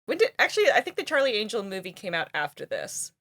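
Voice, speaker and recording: A woman's voice: mid-range voice, very animated, fast, fairly bright tone. A woman co-hosting a podcast, chatting casually with many fillers and frequent laughter. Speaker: podcast co-host. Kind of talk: casual chat.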